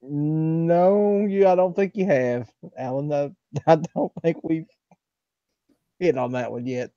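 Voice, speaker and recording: A man hosting a casual talk show, speaking in a slow, drawn-out and hesitant way. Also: a little high, mellow, no echo. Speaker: show host. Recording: dull lo-fi sound.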